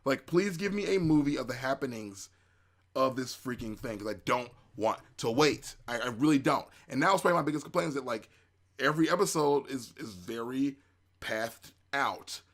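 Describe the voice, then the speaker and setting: A man hosting a casual spoken review, excitable and rambling, with many fillers and restarts. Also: mid-range voice, moderate pace. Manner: acts out reactions in quoted asides. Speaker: anime reviewer, show host.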